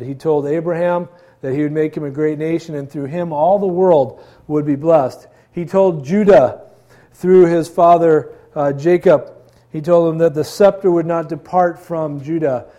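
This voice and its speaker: Pastor guy preaching, kinda high but warm mellow voice, chatty with lots of ums. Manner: conversational, earnest, with frequent fillers. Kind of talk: sermon.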